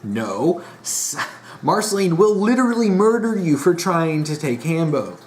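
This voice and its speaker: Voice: mid-range voice, sing-song, a little slow, a little mellow, a little hiss or hum. A vlogger in a casual monologue, rambling with restarts and sounding exasperated and disappointed. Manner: rambling, frequent restarts and fillers.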